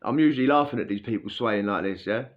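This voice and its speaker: A man's voice: on the low side, expressive, fast talker, highs cut off, a little hiss or hum. A man telling a story in a chatty, slangy way, often checking in with "yeah?". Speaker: former prisoner telling a story. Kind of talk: casual storytelling.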